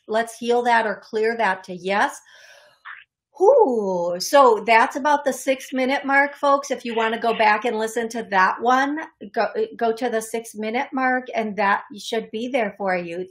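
Hosting a radio call-in show as a psychic medium, a middle-aged woman speaks with a slightly high voice. Her delivery is halting, peppered with fillers and restarted phrases.

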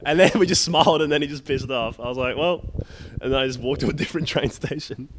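A man's voice: medium pitch, fast talker, background noise. A young man co-hosting a podcast, telling rant-filled stories in casual chat and swearing freely. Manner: swears a lot, ranting storyteller. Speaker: podcast co-host.

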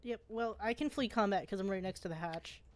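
A woman joins a friend's game stream as co-player. Her voice is mid-pitched and her talk casual, playful and jokey. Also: brisk. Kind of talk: casual gaming chat.

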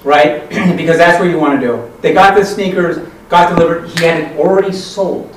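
A man's voice: fairly high pitch, moderate pace, background noise. A middle-aged man on a conference panel telling a rambling story, full of restarts and quoted dialogue. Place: conference hall. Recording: echoey hall, distant mic.

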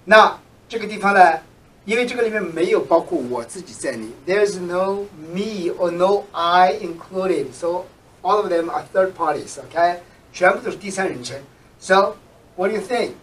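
A man teaching English to Chinese speakers, repeating example sentences slowly and switching between English and Chinese. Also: high voice, a bit bright, distant mic, a little hiss or hum, rough recording. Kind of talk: bilingual language lesson.

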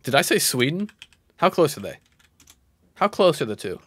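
A man in his thirties streaming casual reaction commentary. He is excitable and jumps between shouting and muttering. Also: fairly high pitch, normal speed, husky. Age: 30s. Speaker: live streamer.

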